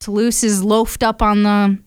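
Young woman, radio co-host, casual chat, animated storytelling, crisp voice, dry studio. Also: medium pitch, unhurried, no echo. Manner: chatty storyteller, animated retelling.

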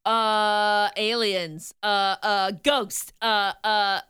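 Brief: bubbly female radio co-host, bright and lively, smooth voice. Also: medium pitch, no room sound, studio quality. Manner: bubbly, quick to react and joke. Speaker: radio morning show co-host. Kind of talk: casual radio banter. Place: radio studio.

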